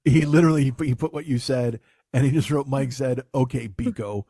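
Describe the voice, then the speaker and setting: A middle-aged man hosts a comedy podcast in a loose, profane chat, mocking himself and slipping into quick impressions of others. His voice sits at an ordinary middle pitch. The sound is dry and close, with no room around it. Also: mellow, dry recording. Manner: profane, self-mocking, acts out voices in quotes. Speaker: podcast host. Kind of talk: casual comedy podcast banter.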